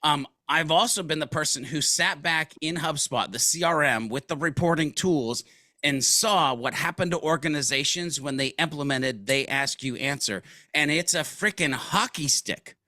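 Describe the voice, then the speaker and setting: Bright, lively-storytelling man. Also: fairly high pitch, moderate pace, no room sound, studio quality. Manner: animated storyteller, casual slang, acts out quotes. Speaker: guest. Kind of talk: conversational business interview.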